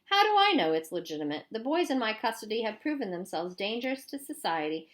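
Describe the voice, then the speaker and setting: A woman reading an audiobook voices a cold female camp warden who talks in a smooth, defensive, self-justifying way. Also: fairly high pitch, sing-song, fast talker, fairly bright tone, pitched above the performer's own voice.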